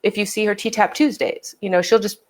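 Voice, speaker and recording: A woman's voice: medium pitch, fairly even intonation, a little fast. A woman fitness trainer co-hosting a casual livestream, explaining things and quoting past conversations.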